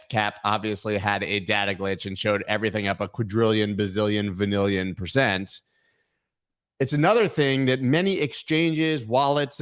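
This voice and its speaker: A man hosts a live news stream and chats casually with his viewers. He jokes and riffs on silly bits as he talks. His voice sits at a middling pitch, and he talks into a webcam. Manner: jokey and playful, riffing on silly bits. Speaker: host of a crypto news livestream. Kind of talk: casual livestream chat. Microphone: webcam framing, sitting at camera.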